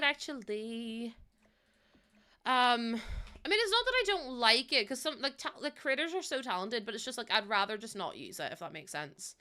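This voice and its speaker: A woman's voice: on the high side, pushed and bright, clear, resonant tone. A young woman, chatting casually and rambling with lots of fillers and giggles while she livestreams a building game. She is heavily pregnant.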